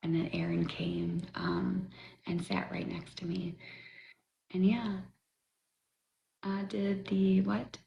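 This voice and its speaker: A middle-aged woman livestreaming, chatting and rambling as she tells a personal story, swearing freely and often dropping to a breathy near-whisper. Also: mid-range voice, steady tone, slow, pauses often, lo-fi sound. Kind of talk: casual storytelling to viewers. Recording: echoey room with faint noise.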